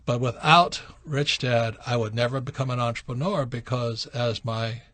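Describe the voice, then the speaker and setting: A man's voice: medium pitch, moderate pace, no echo. A man hosting a radio call-in show, telling stories from his youth in a casual storytelling way. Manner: storytelling, animated when acting out quotes. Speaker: radio show host answering questions.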